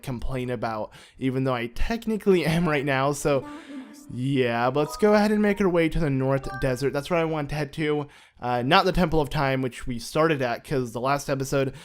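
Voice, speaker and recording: A man hosting a casual let's-play, rambling and chatty, with self-mocking sarcasm as he plays a console game at home. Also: medium pitch. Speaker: gaming channel host.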